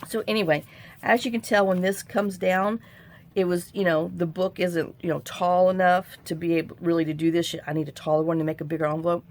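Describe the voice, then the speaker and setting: Middle-aged woman, lowish gravelly voice, rambling crafting chat at home, faint hiss behind. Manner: rambling, chatty storytelling with sighs and asides. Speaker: crafting tutorial host. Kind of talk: casual crafting tutorial chat.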